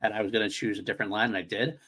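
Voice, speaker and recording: A man's voice: fairly low pitch, steady tone, rapid-fire, bright, forceful tone. A man co-hosting a fan podcast, talking eagerly in casual chat and laughing while he retells scenes. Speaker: podcast co-host.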